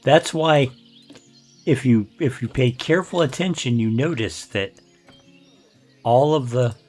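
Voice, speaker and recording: Older male gaming host, unhurried, rambling trivia, faint music underneath. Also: mid-range voice, a little mellow. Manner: rambling, self-deprecating trivia talk. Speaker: let's play host. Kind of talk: casual gameplay commentary.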